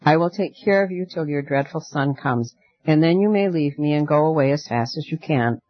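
A man voicing a gentle girl who lives in darkness, speaking softly, earnestly and coaxingly, in a dull, dry lo-fi recording. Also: on the high side, normal speed, no echo, lightly acted. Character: gentle night-dwelling girl, soothing and firm.

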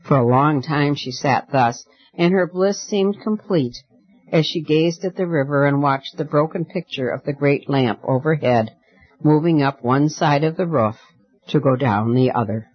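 Man reading a fairy tale aloud, kinda higher voice, dry dull lo-fi sound. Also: a little slow, no room sound. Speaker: narrator. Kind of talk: audiobook storytelling.

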